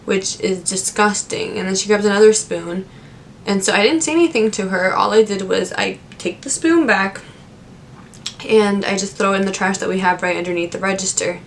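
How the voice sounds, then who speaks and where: A young woman casually telling stories from her old service jobs to the camera, chatty and animated, with lots of fillers. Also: mid-range voice, normal speed, a little hiss or hum. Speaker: vlogger.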